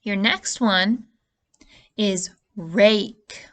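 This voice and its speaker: A woman's voice: medium pitch, steady tone, extremely slow, a bit bright. A woman teacher giving a spelling lesson to young children, patient and stretching out the vowel sounds. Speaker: early-years teacher.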